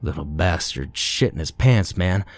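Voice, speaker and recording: A man's voice: low-pitched, animated, measured pace, soft background music. A man doing a crude, giggling young Marine. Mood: amused.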